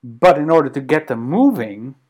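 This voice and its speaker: A man co-hosting a podcast in casual conversation, animated and halting, with many ums and restarts. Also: medium pitch. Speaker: podcast co-host.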